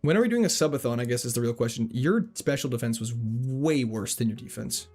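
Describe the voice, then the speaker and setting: A man streaming a video game, chatting casually with his viewers, joking around and reading their messages out loud. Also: mid-range voice, brisk, hardly any pauses, husky, soft background music. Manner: jokey, animated, reads chat aloud. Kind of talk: casual livestream commentary.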